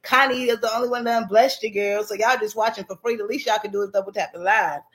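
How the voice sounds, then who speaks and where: A woman's voice: medium pitch, fairly even intonation, quick pace, a bit bright. A woman hosting a casual livestream, chatting animatedly with her viewers and laughing often. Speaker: livestream host.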